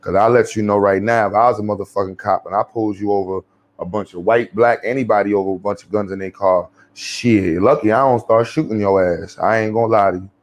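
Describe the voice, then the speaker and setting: A man's voice: fairly low pitch, fairly even intonation, quick pace. A man with a New York accent giving blunt, profane, slangy commentary as a vlogger.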